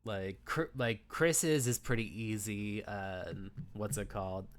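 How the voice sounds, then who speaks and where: A man's voice: on the low side, slow pace. A young man streaming a visual novel, reading the story aloud and chatting in a rambling way with many fillers.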